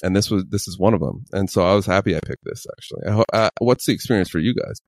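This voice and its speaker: A man's voice: low-pitched, quick pace, a little mellow, dry recording, studio quality. A man co-hosting a podcast, chatting about a film in a playful, rambling way. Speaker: podcast co-host. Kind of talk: casual film chat. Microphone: desk microphone.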